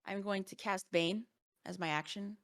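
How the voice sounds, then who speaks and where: A woman's voice: medium pitch, normal speed, fairly bright tone. A woman playing a tabletop game, talking casually and reading spell rules aloud. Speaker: player.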